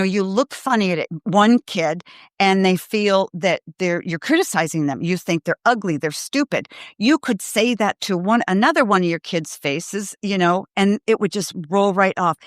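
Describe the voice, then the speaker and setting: A woman's voice: medium pitch, no room sound, studio quality. A middle-aged woman hosting a parenting podcast, talking earnestly and emphatically straight to parents in a live Q&A. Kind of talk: live Q&A advice talk.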